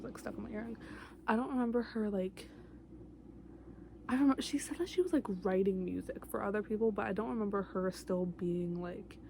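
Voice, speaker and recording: A woman's voice: mid-range voice, a little mellow, slight background noise. A young woman vlogger chatting casually about a book and its TV adaptation, gushing and rambling with lots of filler words. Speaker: vlogger reviewing a book and its TV show. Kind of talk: casual chat.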